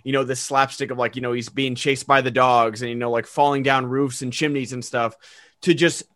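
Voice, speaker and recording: A man's voice: medium pitch, flat delivery, brisk, a bit bright, dry recording, clean studio sound. A man co-hosting a podcast, gushing enthusiastically in casual movie chat over a remote call and acting out quoted lines. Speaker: podcast co-host.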